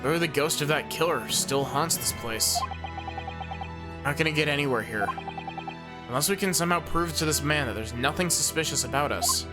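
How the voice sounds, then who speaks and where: A man's voice: a little high, normal speed. A man streaming a mystery game and reading its dialogue and narration aloud. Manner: reads game text aloud with lively character voices. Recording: game music behind.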